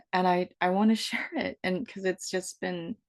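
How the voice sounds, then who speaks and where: A woman's voice: on the low side, fairly even intonation, a little slow. A woman in her fifties talking in an improvised, rambling monologue, playful and self-mocking as she wanders from one thought to the next. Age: 50s. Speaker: vlogger.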